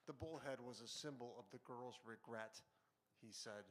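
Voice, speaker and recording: A man in a broadcast studio reading a short story he wrote, with relaxed, conversational asides and filler words between passages. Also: medium pitch, normal speed. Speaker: author reading his own fiction. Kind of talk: live fiction reading with casual asides.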